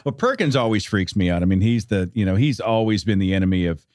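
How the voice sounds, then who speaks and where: A man guesting on a podcast in casual chat, wry and outspoken in a measured way. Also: on the low side, expressive, darkish tone, no echo, clean studio sound.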